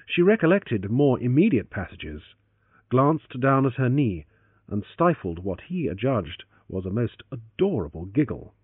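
A man's voice: mid-range voice, sing-song, a little slow, slightly rough, no echo. A man narrating an adventure novel as an audiobook. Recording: tinny phone-like, dry.

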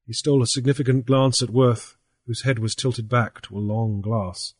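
A man reads a novel aloud in a measured, even storytelling manner. His voice is mid-pitched and slightly husky. The sound is dry and close, with no room around it. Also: dry recording. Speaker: audiobook narrator. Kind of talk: scripted narration.

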